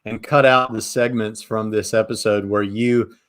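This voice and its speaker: A man's voice: on the low side, steady tone, moderate pace, a bit bright, clear, resonant tone. A man co-hosting a casual livestream chat, teasing his fellow host with jokes. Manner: teasing, joking.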